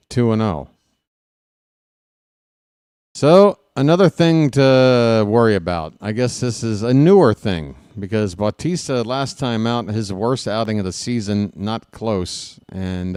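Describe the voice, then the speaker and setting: A man's voice: fairly low pitch, darkish tone, clean tone, dry recording, clean studio sound. A man doing casual, rambling play-by-play for a live stream, joking and snapping at the umpire. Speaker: fan play-by-play commentator.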